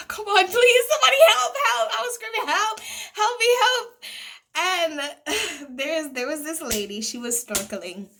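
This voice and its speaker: A young woman chats through a casual storytime, her voice sitting high and sounding crisp and bright. She tells it with drama, often breaking into laughter along the way. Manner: animated, dramatic retelling with laughs. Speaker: vlogger.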